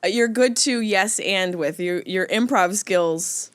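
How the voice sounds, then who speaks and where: A woman's voice: mid-range voice, slow pace, dry recording. A woman podcast host from upstate New York with an upstate New York accent, chatting playfully, teasing and laughing often. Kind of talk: casual interview chat.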